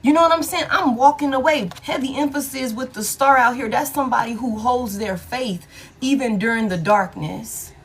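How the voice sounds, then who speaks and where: A woman's voice: on the high side, moderate pace, breathy edge. A woman giving a casual tarot reading, blunt and profane, repeating key lines for emphasis and laughing often. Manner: laughs often between remarks. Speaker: tarot reader.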